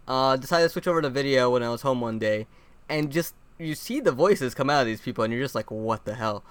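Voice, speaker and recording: A man co-hosting a podcast, telling personal stories in a relaxed, hesitant way. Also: medium pitch, fast, clear, resonant tone, dry recording. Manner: relaxed storyteller, hesitant with fillers. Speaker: podcast co-host. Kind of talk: casual chat.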